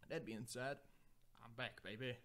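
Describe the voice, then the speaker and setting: A man's voice: mid-range voice, normal speed, fairly bright tone. A young man hosting a solo podcast, rambling through profane, self-deprecating digressions. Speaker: podcast host.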